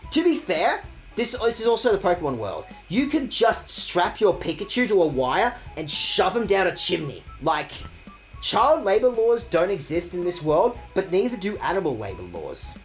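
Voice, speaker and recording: This game streamer has a sing-song voice at a moderate pace, with faint music in the background. Their let's-play talk rambles casually, mixing swearing with crude self-mocking humor and a swinging pitch.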